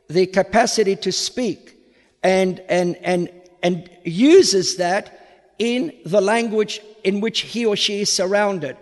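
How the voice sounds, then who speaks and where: A high-voiced man with an Australian accent, tinged faintly American, gives an unhurried lecture as a priest. He takes his time and often repeats a word while reaching for the next one. His voice rings out with the long reverb of a hall. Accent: Australian with a slight American tinge. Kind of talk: public lecture.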